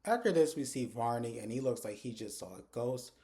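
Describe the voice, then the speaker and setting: Mellow-voiced man recapping a TV episode. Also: mid-range voice, expressive, fairly quick. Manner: chatty, retells scenes by quoting characters. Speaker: TV episode reviewer. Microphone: phone camera.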